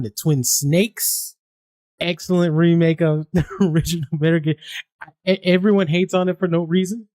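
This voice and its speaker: A man's voice: on the high side, darkish tone, dry recording, clean studio sound. A man, chatting casually and rambling on his game stream, swearing freely and laughing often.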